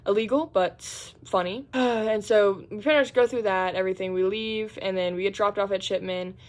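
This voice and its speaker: A woman's voice: mid-range voice, steady tone, normal speed. A young woman, a college student, chatting casually about her day in a vlog, filling her talk with "like" and acting out what people said. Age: young adult. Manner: chatty, heavy use of "like"; acts out quotes in squeals and groans.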